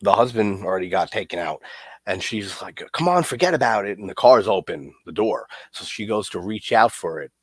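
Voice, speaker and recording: Young guy ranting about an old horror flick, real low voice, dry close sound, swears and laughs a lot. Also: moderate pace, breathy edge, no room sound. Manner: loose and profane, laughs and jokes while recapping. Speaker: horror film reviewer. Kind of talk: casual film commentary.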